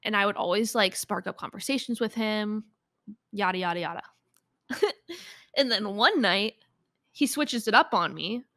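A woman's voice: medium pitch, expressive, moderate pace, pauses often, a bit bright, no room sound, studio quality. Chatty young woman podcast host. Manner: chatty, laughs often, lots of "like". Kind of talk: casual solo podcast storytelling.

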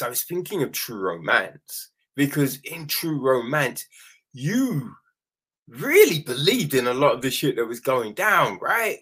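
Slow, husky man riffing on a film. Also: mid-range voice. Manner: animated, keeps asking "right?", acts out quick quoted lines, swears freely. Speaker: film reviewer. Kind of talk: casual spoken film critique.

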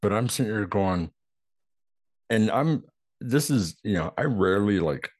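A man's voice: fairly low pitch, a little slow, no room sound, clean studio sound. A man co-hosting a casual movie podcast, talking loosely with lots of fillers. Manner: relaxed, filler-heavy, bursts into yells when quoting. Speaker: podcast co-host.

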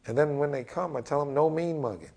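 Gravelly, animated basketball coach in his forties. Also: fast talker. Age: 40s. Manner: animated, acts out quotes with big pitch jumps. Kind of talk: energetic interview storytelling.

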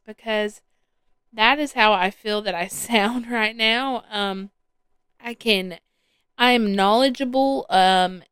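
A woman's voice: fairly high pitch, slow, fairly bright tone, smooth, no room sound. A woman hosting her own podcast solo, chatting casually and rambling with plenty of ums and restarts. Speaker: podcast host. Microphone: headphones with a podcast mic.

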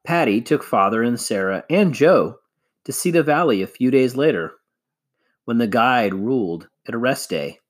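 Man reader, children's novel, expressive, mid pitch, animated intonation. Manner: measured, expressive storytelling. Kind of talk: reading a children's novel aloud.

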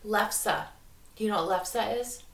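Midwestern woman, podcast host, gravelly fry, sharp tone, roomy sound a bit off-mic. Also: mid-range voice, measured pace, far from the mic, background noise. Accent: Upper Midwest American. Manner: giggly, rambling, lots of "like". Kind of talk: casual chat.

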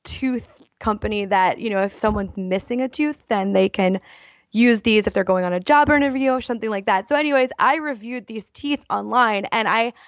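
A woman guest on a podcast, chatting casually and telling stories in a quick, self-deprecating way. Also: fairly high pitch, no room sound, lo-fi sound. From Baltimore area. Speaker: podcast guest, writer and YouTuber. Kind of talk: casual interview chat.

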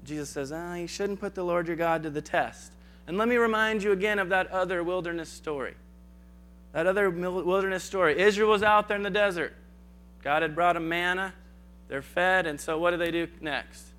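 Casual preacher acting out Bible scenes. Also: male voice, high voice, normal speed, a bit bright. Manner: acts out biblical dialogue in casual asides. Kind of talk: conversational sermon.

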